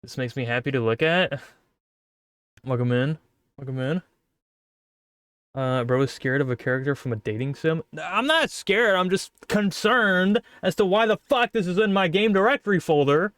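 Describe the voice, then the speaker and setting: Excitable male streamer, casual play-by-play, slightly high voice, dry close mic. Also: normal speed, clear, resonant tone, no echo. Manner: excitable, swearing, stammering. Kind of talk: casual gaming commentary.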